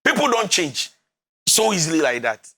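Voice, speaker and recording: A man's voice: high-pitched, sing-song, moderate pace, sharp tone. A man with a Ghanaian accent giving emphatic relationship counselling, preachy and often laughing. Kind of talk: animated counselling talk.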